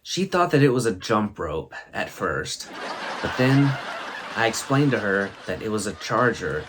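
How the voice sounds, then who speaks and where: Telling funny stories straight to the camera, a comedy show host chuckles and laughs his way through them. His fairly low voice is sing-song and unhurried, and there is background noise behind him.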